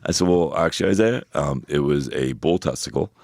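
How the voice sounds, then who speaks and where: Un homme d'âge moyen, co-animateur d'un podcast, qui raconte des anecdotes avec animation, imite les répliques en forçant la voix et jure volontiers. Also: male voice, very deep voice, a little fast, gravelly, dry recording, studio quality. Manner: animated storyteller, acts out quotes in a raised voice; swears casually. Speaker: podcast co-host. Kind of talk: casual chat, storytelling.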